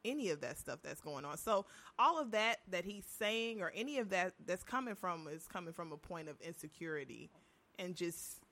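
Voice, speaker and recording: A woman's voice: on the low side, animated, normal speed. A woman co-hosting a podcast, talking in a reflective, easygoing way in casual chat. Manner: reflective, easygoing, laughs loudly. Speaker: podcast co-host.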